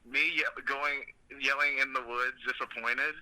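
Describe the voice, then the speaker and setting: A man's voice: on the high side, normal speed, bright, forceful tone, rough recording. A man hosting a podcast, chatting casually and telling rambling, profane jokey stories. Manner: rambling, joking, profane storytelling. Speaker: podcast host. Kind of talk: casual comedic chat.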